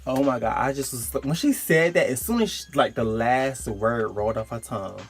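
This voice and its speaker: Animated young man telling a story. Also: moderate pace, faint music behind. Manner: animated, slangy, jumps into high-pitched quoted outbursts. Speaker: storytime vlogger. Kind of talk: casual storytelling.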